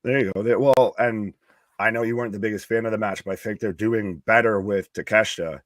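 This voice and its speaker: A man from the United States with a lowish voice, co-hosting a wrestling stream. He talks bluntly and jokes through his opinions. The sound is dry, with little room in it. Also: fairly even intonation, brisk, fairly bright tone, no echo. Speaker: co-host of a wrestling live stream. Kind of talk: casual live-stream chat.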